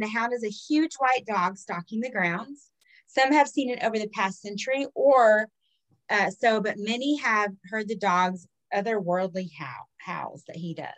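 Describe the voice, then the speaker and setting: A woman's voice: mid-range voice, rough recording. A woman who reads folk legends aloud on a podcast. She swears freely and breaks off to riff on each story. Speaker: podcast co-host telling folklore stories. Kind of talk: casual storytelling chat.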